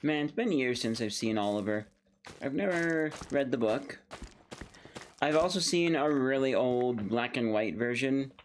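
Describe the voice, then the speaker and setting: A man's voice: mid-range voice, animated, unhurried, a little hiss or hum. A young man giving casual, rambling commentary while playing a game, talking playfully to himself and to the game. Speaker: gaming video creator.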